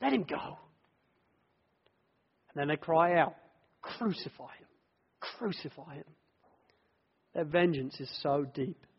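High-voiced man preaching in a hall. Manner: vivid, earnest storytelling. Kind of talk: sermon. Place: church. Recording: dull echoey church hall.

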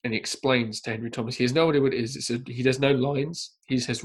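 A man in casual podcast chat, telling a film anecdote with lively energy and acting out quoted lines. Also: quick pace, few pauses, slightly rough. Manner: animated storyteller, acts out quotes in high voices. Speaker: podcast panelist.

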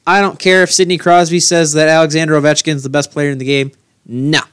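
A man co-hosting a casual sports podcast, rambling and repeating himself when excited. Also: on the high side, brisk, clear, resonant tone, no echo, studio quality. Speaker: podcast co-host.

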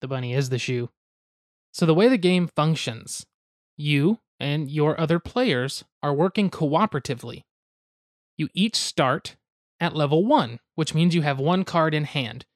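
A man's voice: on the high side, animated, measured pace, dry recording, studio quality. A young man hosting a podcast, explaining a card game step by step with goofy asides and hedges. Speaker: podcast host explaining board games.

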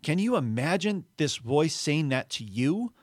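A man, an author, talking earnestly on a faith podcast and retelling stories with lively voiced quotes. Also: fairly high pitch, a little slow, no room sound, studio quality. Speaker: author and guest.

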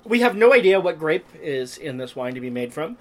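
A man's voice: on the high side, big pitch swings, fairly quick. A man hosting a podcast, chatting casually and joking, often laughing. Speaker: podcast host. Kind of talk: casual chat. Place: apartment room.

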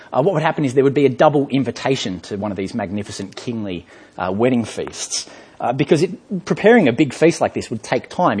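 A man preaching a sermon in a church, telling a story with lively rhetorical questions. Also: mid-range voice, slightly rough. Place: church hall.

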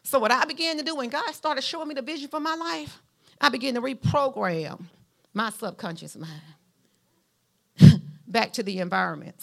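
A woman from Mount Vernon, Alabama, preaches a sermon in a Southern drawl at a moderate pace, with vocal fry and frequent pauses. Folksy and emphatic, she speaks straight to her congregation, her lively pitch climbing to emphatic peaks.

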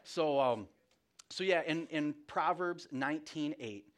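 A man's voice: a little high, a little slow. Chatty man preaching a casual sermon. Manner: conversational, rambling, self-deprecating, with many restarts. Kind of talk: casual sermon with family stories.

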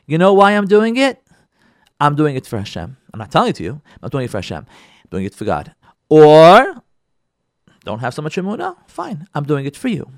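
Animated rabbi a lively, expressive voice. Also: male voice, fairly high pitch, normal speed, no echo, studio quality. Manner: animated, repeats phrases for emphasis, acts out listeners' voices. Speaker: rabbi, show host. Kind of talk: lively Torah talk addressed to listeners.

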